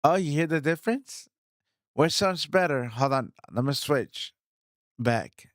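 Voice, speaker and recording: Man, casual vlog, slow unhurried delivery, dry close studio mic, excited and repetitive. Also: on the high side, no echo. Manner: excited, repetitive, talks straight to viewers. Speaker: streamer reviewing his gear. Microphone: studio microphone, swapped between two.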